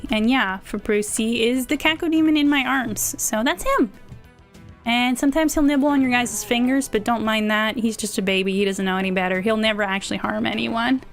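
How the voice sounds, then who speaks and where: A woman's voice: on the high side, fairly quick, soft background music. A woman streaming a video game, chatting casually and playfully with her viewers and swearing now and then. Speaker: VTuber streamer. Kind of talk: casual gameplay chat with viewers.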